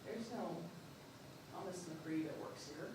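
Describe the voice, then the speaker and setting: A polite male vicar, voiced by a woman answers apologetically and calmly. The voice is distant from the microphone. A heavy hall echo surrounds every word. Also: on the low side, slow pace, noisy background, pitched below the performer's own voice. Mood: apologetic. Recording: echoey hall from far off.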